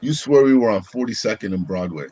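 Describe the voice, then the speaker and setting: A man co-hosting a casual podcast, telling a story step by step in relaxed slang. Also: lowish voice, fast, slightly rough. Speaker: podcast co-host.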